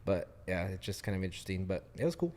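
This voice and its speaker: A man co-hosting a podcast, tossing in quick questions during casual chat. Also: deep voice, sing-song, a little mellow, a little hiss or hum. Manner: quick questions, laughs along.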